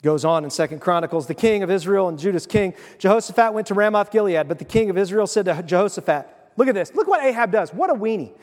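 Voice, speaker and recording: Man, pastor, sermon, high voice, animated storytelling, long reverb. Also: quick pace, few pauses.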